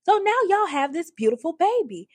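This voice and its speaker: Her voice is very high-pitched and swings widely in pitch as this reality TV commentator briskly recaps a reality show, her tone on the darker side. Chatty and opinionated, she leans on "like," keeps restarting, and mimics the people she talks about in raised voices. No room sound is audible.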